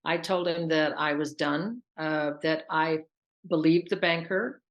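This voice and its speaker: A woman's voice: low-pitched, fairly even intonation, unhurried. A woman telling her own story as an interview guest, earnest and intense, repeating herself for emphasis. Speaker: interview guest, scam victim. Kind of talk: emotional personal account.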